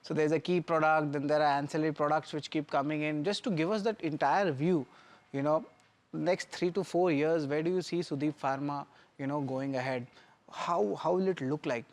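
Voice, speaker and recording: Male business TV host, slightly high voice, halting and wordy when he questions a guest. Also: fairly even intonation. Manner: hesitant questioning with many fillers. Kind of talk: interview questions.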